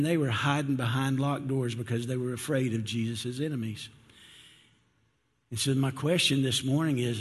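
A man preaches in an easygoing, conversational way, doubling back on his words as he goes. His voice sits at an ordinary pitch. A long reverb trails each phrase, like a church hall. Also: darkish tone, husky. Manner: conversational preaching with frequent restarts. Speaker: pastor. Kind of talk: sermon.

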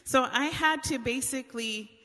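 A woman's voice: high-pitched, moderate pace, pushed and bright, big-room sound. A woman giving a casual sermon, retelling Bible stories in chatty everyday language. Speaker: speaker giving a Bible teaching.

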